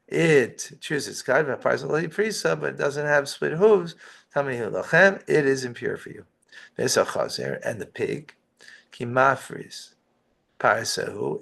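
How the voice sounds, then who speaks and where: Medium-pitched and a bit bright, with some vocal fry, the voice belongs to a rabbi teaching Torah. He reads Hebrew phrases one at a time and explains each in English, using rhetorical questions and side remarks.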